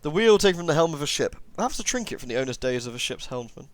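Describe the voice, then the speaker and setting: A man's voice: on the high side, sing-song, racing. A young man giving casual, jokey commentary while playing a game, often muttering asides. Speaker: let's play gamer.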